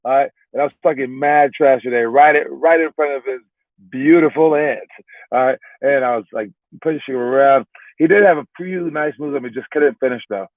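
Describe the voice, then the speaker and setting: Rambling basketball coach on a tinny line. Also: male voice, mid-range voice, moderate pace, dry recording. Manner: rambling, repeats words, keeps adding "all right?". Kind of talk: casual motivational talk to young players. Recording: narrow phone-like sound, dry.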